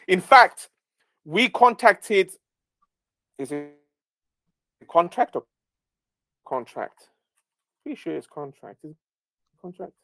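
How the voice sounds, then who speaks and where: A man's voice: a little high, fairly bright tone, no echo. A man leading a community Q&A who talks emphatically and often checks in with "okay?". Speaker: project lead hosting a community Q&A. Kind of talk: casual live-stream talk.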